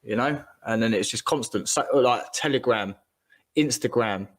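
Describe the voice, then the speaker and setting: A man's voice: mid-range voice, moderate pace. A man ranting in casual chat, rambling and swearing as he gets heated.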